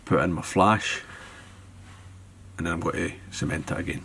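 A man with a Scottish accent ties flies at his desk and narrates the tutorial casually, thinking aloud along the way. He speaks in a low, creaky voice with a steady tone at a moderate pace, and background noise is present.

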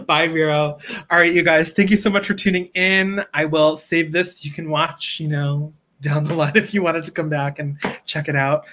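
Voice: mid-range voice, fairly even intonation, normal speed, a bit bright, slight background noise. A reselling livestream host chatting casually with viewers, bubbly and laughing often, pleading playfully for likes.

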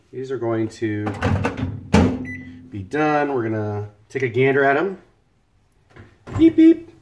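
A man chatting casually on a cooking livestream, joking and thanking viewers by name. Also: medium pitch. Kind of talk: casual live-stream chat while cooking. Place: home kitchen.

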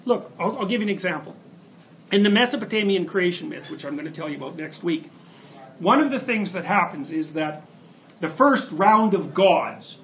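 A male lecturer with a high voice tells a story to his class in an animated way. He speaks with sudden emphatic bursts. Faint noise sits behind him. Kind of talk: university lecture. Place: lecture hall.

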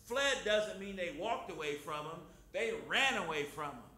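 A man pastor preaching an informal sermon in a folksy, emphatic way, swinging between loud and soft. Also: high-pitched, expressive, normal speed. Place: church hall. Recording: very echoey room, faint noise.

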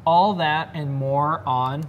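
A man's voice: on the high side, slow, lo-fi sound, a little hiss or hum. A man co-hosting a live electronics show, casually running through announcements and show segments. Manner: laid-back, rattles off announcements. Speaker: co-host.

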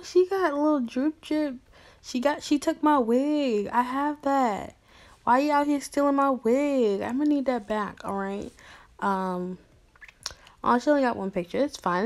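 A woman's voice: fairly high pitch, darkish tone. A woman vlogging casually, replying to fan messages in a playful, slangy, upbeat way and talking straight to her viewers. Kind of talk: casual chatty vlog.

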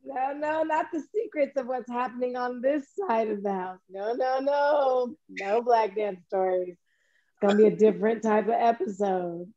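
Emphatic, joking higher-voiced woman guest. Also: moderate pace, mellow, highs cut off. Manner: joking, emphatic, piles up repeated no's. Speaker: guest dance artist. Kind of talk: casual chat on a video call.

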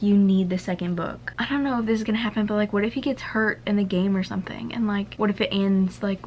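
A young woman talking casually in a reading vlog, retelling the story in an excitable, gushing way with lots of "like" and "oh my gosh". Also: mid-range voice, slight background noise, low-quality recording. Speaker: book vlogger.

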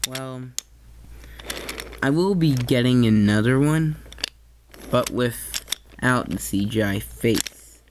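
A man's voice: mid-range voice, slow, pauses often, slight background noise. A man giving a casual toy train review, hesitant and often correcting himself mid-sentence.

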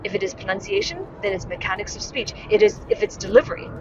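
A woman's voice: mid-range voice, expressive, fast. A woman from Hong Kong, a communication coach, giving an emphatic motivational talk that repeats its key phrases. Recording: slightly dull lo-fi sound with clear background noise.

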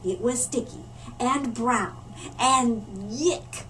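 A woman storyteller reading a picture book aloud to children in a library, animated and stopping for asides to her listeners. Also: high voice, unhurried. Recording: distant mic with faint room noise.

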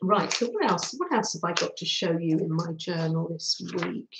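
A woman's voice: fairly low pitch, animated, moderate pace, roomy sound, background noise. A middle-aged woman, hosting a chatty live craft stream and greeting her viewers cheerfully. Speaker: craft livestream host.

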